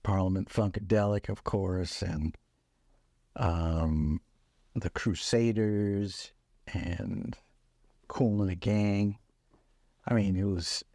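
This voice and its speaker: An older man, a musician, telling stories from his career in a relaxed, laughing way on a podcast. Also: on the low side, no echo, studio quality. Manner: relaxed, laughing storyteller, acts out quoted voices. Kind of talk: casual storytelling chat.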